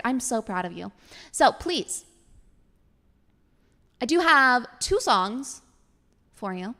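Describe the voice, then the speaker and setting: This VTuber's bright, forceful voice sits on the high side and is very animated, though she takes her time with long pauses. In character as a graceful elf florist on her debut stream, she chats, sings, repeats words and teases viewers playfully.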